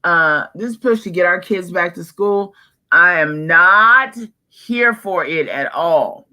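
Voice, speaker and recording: Slow-talking bright woman co-host. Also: on the low side, expressive. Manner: opinionated, strong views. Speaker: podcast co-host. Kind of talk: casual chat.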